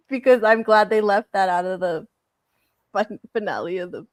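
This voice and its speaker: A woman co-hosting a casual movie review podcast, animated, laughing often and acting out quotes from the story. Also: mid-range voice, moderate pace, no room sound. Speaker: podcast co-host.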